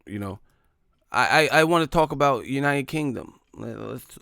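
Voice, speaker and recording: Profane, animated man hosting a live stream. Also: mid-range voice, moderate pace, vocal fry, no echo, studio quality, soft background music. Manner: profane, riffing, animated storyteller. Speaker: host of a live boxing talk stream. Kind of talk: casual live commentary.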